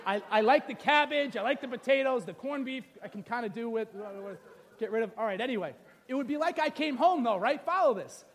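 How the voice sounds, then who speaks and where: A man's voice: extremely high pitch, lively intonation, fairly quick. A middle-aged male pastor preaching a sermon, telling the story with playful asides and acting out the scenes.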